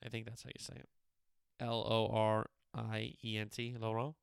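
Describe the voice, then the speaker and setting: A man's voice: lowish voice, completely flat delivery, normal speed, vocal fry, smooth, no room sound, studio quality. A young man hosting a sports show, chatting casually through upcoming matches with loose, opinionated, slangy asides. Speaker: sports podcast host. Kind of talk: casual sports preview chat.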